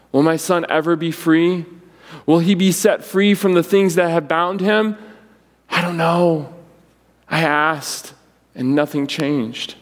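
A man preaching a sermon, acting out the quoted voices with wide swings in pitch. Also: long reverb tail. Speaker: pastor.

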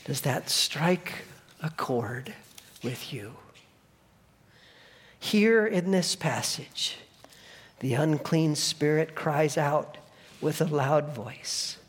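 Pastor guy preaching slow, voice a bit high, big echoey church hall, goes from booming to almost whispering. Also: breathy edge. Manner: dramatic swings from booming emphasis to hushed near-whispers; preaches in repeated emphatic phrases. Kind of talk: sermon. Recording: long reverb of a large hall.

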